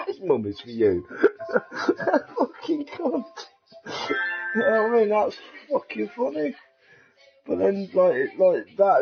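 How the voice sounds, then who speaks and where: This vlogger is a middle-aged Englishman with a fairly high, creaky voice. He rambles casually and profanely, laughing at his own jokes, and the audio is dull and lo-fi.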